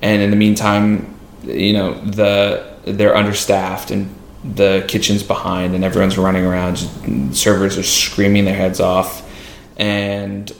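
A man, a podcast guest, telling a story in a casual, animated way and acting out other people's lines. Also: low voice, unhurried, a little hiss or hum. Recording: roomy echo.

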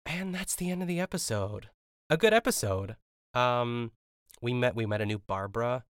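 A man's voice: mid-range voice, lively intonation, normal speed, fairly bright tone, clear, resonant tone, dry recording, studio quality. A man from Pittsburgh hosting a podcast alone, recapping a cooking show in a rambling, chatty way with plenty of fillers and laughs. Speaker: podcast host. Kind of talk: casual solo recap podcast.

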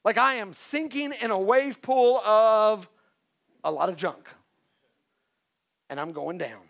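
A man preaching a sermon in a conversational way, with joking asides and swings from quiet to loud. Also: sits high, slow, creaky. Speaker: pastor.

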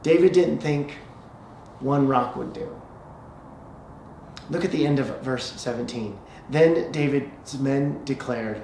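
A man's voice: mid-range voice, mellow, a little hiss or hum. Storytelling male pastor in an echoey church. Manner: storytelling preacher, slows for emphasis. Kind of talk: sermon. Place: church sanctuary. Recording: echoey church hall, faint ambience.

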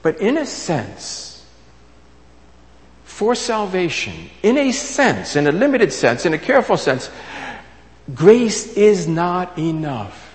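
Man, sermon, lively rising and falling voice, slightly high, long hall reverb. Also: a little slow. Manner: emphatic, repeats key phrases, shifts between loud and soft. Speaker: preacher.

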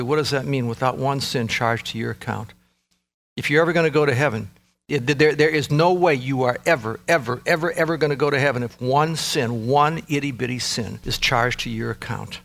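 A male pastor preaching a sermon with an emphatic, repetitive cadence, swinging from loud peaks to low intensity. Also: vocal fry.

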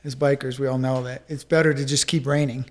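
A man's voice: mid-range voice, flat delivery, a little fast. A man casually recounting an adventure race as a guest, telling stories with laughs. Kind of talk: casual storytelling chat.

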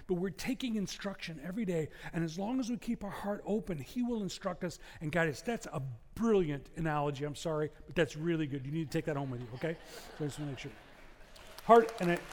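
A man preaching a sermon, conversational and lively, with asides and humor to the congregation. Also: fairly high pitch, long reverb tail. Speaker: pastor.

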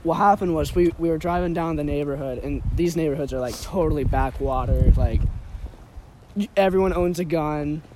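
A man's voice: a little high, normal speed. A young man telling a rambling story in casual chat, full of fillers and laughs, outdoors. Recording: noisy outdoor recording.

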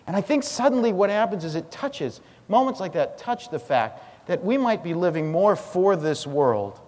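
A male pastor preaching an expository sermon, with emphatic, repetitive phrasing that swings between loud and hushed. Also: mid-range voice. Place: church sanctuary. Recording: long reverb of a church hall.

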